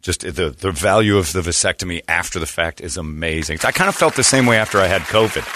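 A man's voice: deep voice, lively intonation, fast, crowd noise, background noise. A man hosting a morning radio show, chatting casually and rambling through jokes and ads. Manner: rambling, joking, self-correcting.

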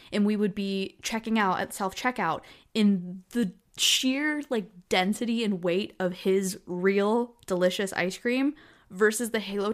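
A young woman talks casually straight into a close mic, her voice sitting in a middle pitch. She is giggly and self-mocking and keeps breaking into laughter. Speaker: vlogger. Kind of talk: casual reaction vlog.

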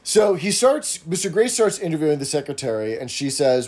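A man's voice: a little high, sing-song, fairly quick, darkish tone. A man hosting a podcast in casual chat, walking through a TV episode with asides and rhetorical questions. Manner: recaps with asides, rhetorical "right?". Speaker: podcast host recapping a TV episode.

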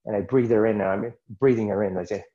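A man's voice: fairly low pitch, fairly even intonation, fast talker, dark tone, highs cut off. A man as a podcast guest, earnestly recounting a personal experience in a rambling, casual way with many asides. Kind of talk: personal storytelling in a casual interview.

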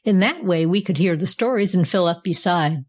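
A woman's voice: on the low side, normal speed, a little mellow, lightly acted. A woman voicing Tom, a curious young boy in a storybook who is easily perplexed, speaking eagerly and fretfully.

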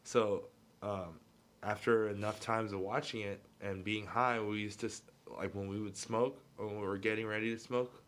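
A man's voice: fairly low pitch, fairly even intonation, moderate pace, a bit bright. A man co-hosting a casual movie podcast, telling laid-back, slangy stories about his friends. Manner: laid-back storytelling, slangy, says dude a lot. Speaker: podcast co-host.

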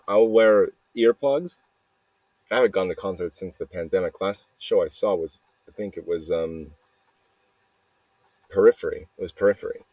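A young man from Arizona, slightly hoarse from yelling, talking alone in a rambling, restless, jokey way, with many restarts. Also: lowish voice, no room sound. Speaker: podcast host. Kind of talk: rambling solo voice memo.

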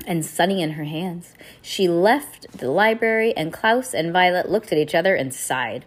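Brief: woman reading a chapter book aloud, husky tone, very lively pitch, expressive delivery. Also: normal speed. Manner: expressive, occasional slips and restarts. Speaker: reader.

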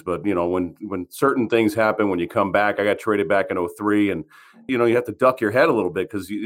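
A man, a former player co-hosting, speaking in a measured, reflective way with some halting restarts. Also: lowish voice. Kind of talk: casual interview.

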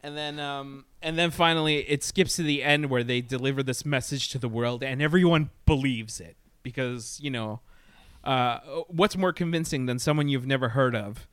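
A man's voice: mid-range voice, moderate pace, a bit bright, clean tone, dry recording. A middle-aged man chatting casually about a movie, rambling and swearing, laughing often. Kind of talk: casual movie review chat.

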